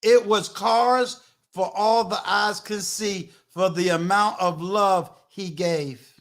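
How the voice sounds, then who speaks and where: High bright-voiced older man hosting. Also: fairly even intonation, slow pace, vocal fry. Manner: emphatic hype-man delivery, booming shout-outs. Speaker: host. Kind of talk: live-streamed talk show.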